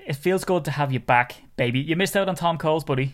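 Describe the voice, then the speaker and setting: A man's voice: fairly high pitch, quick pace. Chatty, teasing podcast host man. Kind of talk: casual sports podcast chat.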